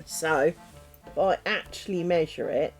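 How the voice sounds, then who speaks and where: A woman streaming while she crafts at home, chatting in a rambling way and dropping to a soft, low voice when she talks to her dogs. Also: a little slow, faint music behind. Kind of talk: casual chat while crafting.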